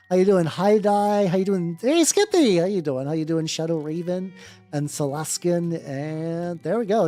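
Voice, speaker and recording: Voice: medium pitch, mellow. A miniature-painting streamer chatting casually with viewers while working, rambling with many restarts, swearing offhandedly and greeting chat by name.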